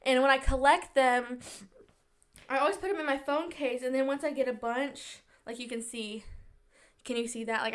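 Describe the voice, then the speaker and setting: Sniffly, bubbly young woman podcast host. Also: high voice. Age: young adult. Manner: fast-talking, bubbly, says "like" a lot. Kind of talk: casual chat.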